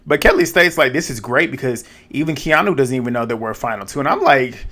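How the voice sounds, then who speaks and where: A young man giving a casual, animated recap of a reality show, speaking bluntly and with lots of slang, directly to his viewers. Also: medium pitch, a little fast, hardly any pauses. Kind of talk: casual episode recap and commentary.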